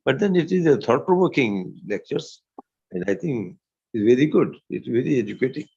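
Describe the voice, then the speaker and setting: A man taking part in a devotional study class, responding politely and haltingly with fillers. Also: mid-range voice, animated, vocal fry, a little mellow, slightly rough, muffled recording. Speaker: class participant. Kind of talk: respectful discussion.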